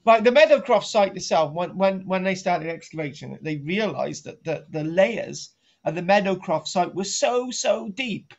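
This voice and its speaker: A man's voice: high voice, animated, moderate pace, gravelly. A middle-aged man giving a rambling, jokey archaeology lesson on a live stream, teasing his co-host and restarting his sentences. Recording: dull lo-fi home stream audio.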